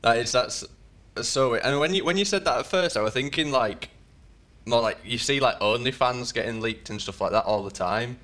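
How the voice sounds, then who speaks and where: Male podcast co-host, easygoing and chummy, mid-pitched, casual banter. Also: fairly quick, fairly bright tone. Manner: easygoing, chummy, laughs along, says "mate". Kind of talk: casual chat.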